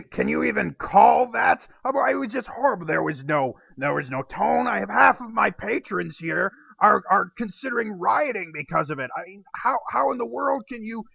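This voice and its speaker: A man voicing a larger male tavern owner, loudly berating a singer. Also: high voice, sing-song, normal speed, creaky, few pauses, slightly rough, dry recording, muffled recording, voice pushed up, heavily acted. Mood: furious. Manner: shouting, berating.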